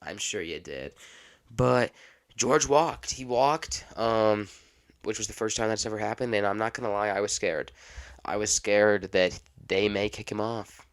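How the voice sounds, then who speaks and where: A young man hosting a casual solo podcast, rambling off the cuff and stopping now and then to cough and clear his throat. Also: on the low side, a little slow. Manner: rambling, unscripted, self-interrupting. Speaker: podcast host.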